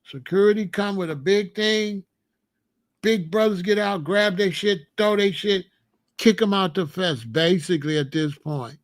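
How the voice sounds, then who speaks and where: A man from the United States hosting a casual monologue, telling stories in an emphatic, profane, animated way. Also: high-pitched, a little slow. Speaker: commentary host.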